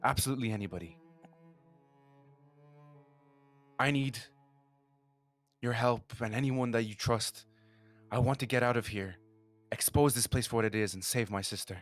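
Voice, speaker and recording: A man's voice: medium pitch, brisk, faint music behind, natural voice. Man voicing a desperate woman pleading for help. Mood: urgent. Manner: pleading, hesitant, many restarts. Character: desperate young woman searching for her sister.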